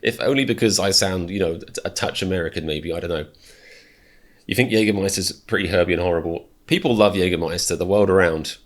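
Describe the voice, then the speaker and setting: A man's voice: sits low, a little fast. A British man hosting a reaction video, rambling through self-mocking rants with many restarts. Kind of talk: casual reaction commentary.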